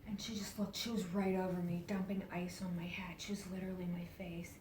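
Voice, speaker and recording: A woman tells a personal story to a live audience, acting out the voices of others and dropping to hushed whispers, often laughing as she talks. She is heard from far off in a roomy hall, with a faint rumble underneath. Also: quick pace. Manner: animated, acts out quoted voices, drops to hushed whispers; laughs often while talking. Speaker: speaker at a spiritual event. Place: event hall. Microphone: distant camera mic. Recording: roomy, distant live event recording.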